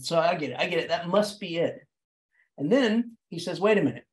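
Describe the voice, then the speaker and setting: Man, English professor, literature lecture, animated, dramatic pitch leaps, repeats words, restarts. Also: moderate pace. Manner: animated, dramatic delivery with sudden pitch jumps.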